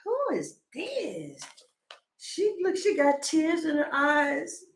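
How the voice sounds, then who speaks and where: Lively, high-voiced woman reading tarot. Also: slow pace, reverberant. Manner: animated and joking, laughs often, slips into comic voices. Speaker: tarot reader. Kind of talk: casual tarot reading to camera.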